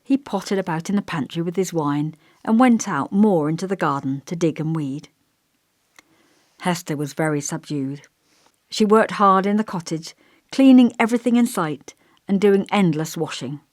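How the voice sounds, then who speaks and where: A woman narrating a novel as an audiobook in a measured, expressive reading. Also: fairly low pitch, no room sound, studio quality.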